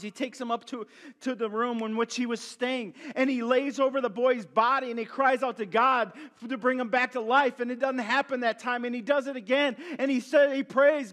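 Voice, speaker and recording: A man giving a sermon as a guest pastor, telling the story with lots of energy, jumping from loud bursts to quiet asides and joking with the congregation. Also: very high-pitched, normal speed, in a large hall. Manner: animated storytelling, swinging between loud bursts and hushed asides; jokey, talks straight to the congregation.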